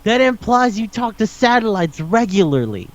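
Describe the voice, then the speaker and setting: Podcast co-host, man, fairly high voice, incredulous swearing rants, dull lo-fi sound. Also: big pitch swings, normal speed. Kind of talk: casual chat.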